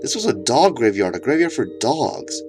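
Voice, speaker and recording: A man's voice: mid-range voice, very animated, normal speed, music in the background. A man narrating an absurd comedic horror story in a mock-serious tone.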